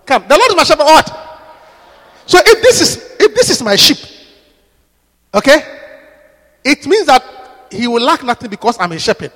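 A man preaching a sermon, emphatic, pausing for his interpreter and repeating questions to the congregation. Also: very high voice, very animated, a bit bright. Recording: echoey hall.

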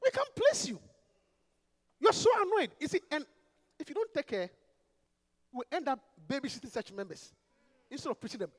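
A man, a pastor preaching an emphatic, animated sermon full of rhetorical questions. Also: very high-pitched, normal speed, pauses often, in a large hall.

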